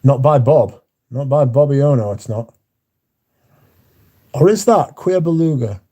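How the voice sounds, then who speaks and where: A man's voice: mid-range voice, animated, a little slow, dark tone. A man hosting a livestream, chatting casually and reading out viewer comments in a rambling, plain-spoken way. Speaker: livestream host.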